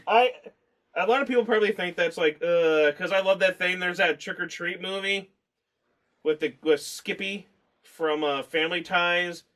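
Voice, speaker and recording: A man with a fairly high voice co-hosts a loose movie review chat. He rambles from one point to the next, swears freely and breaks into laughter often. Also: moderate pace, a bit bright. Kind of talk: casual chat.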